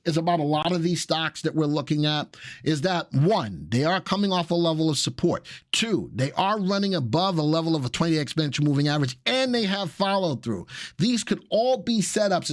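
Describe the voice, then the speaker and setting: A man's voice: on the high side, dry recording, studio quality. A man with a Southern US accent, hosting a live stock analysis show and chatting casually with viewers while he walks through charts.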